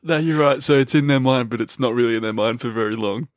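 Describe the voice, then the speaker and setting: A man's voice: mid-range voice, fast talker, no echo, studio quality. A man co-hosting a casual sports podcast, teasing and wry. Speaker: podcast co-host. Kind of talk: casual chat.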